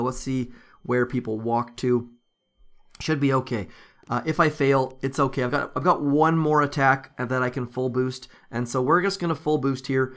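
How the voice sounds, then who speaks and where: A man talks over his own gameplay recording in a relaxed, rambling way, filling pauses with ums as he points things out. His voice sits at an ordinary middle pitch. It sounds like a desktop mic at home. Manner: chatty, thinks aloud with frequent ums. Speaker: gaming YouTuber. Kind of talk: casual gameplay commentary.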